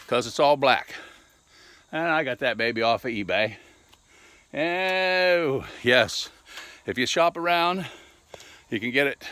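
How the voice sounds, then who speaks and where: A man's voice: medium pitch, bright, forceful tone. A man chatting casually to his camera outdoors in a folksy, joking way. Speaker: hobbyist vlogger. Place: outdoors in the yard.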